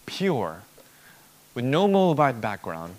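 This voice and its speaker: Lively, emphatic male preacher. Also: mid-range voice, slow pace. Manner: emphatic, repetitive rhetorical build-ups. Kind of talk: expository sermon.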